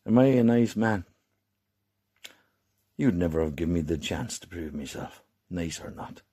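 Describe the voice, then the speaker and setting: Irish man, raspy and gravel-edged, slow furious camera rant with lots of swearing and wild swings in pitch. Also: expressive. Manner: swearing, swinging between low hushed menace and shouting. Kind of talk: angry direct-to-camera rant.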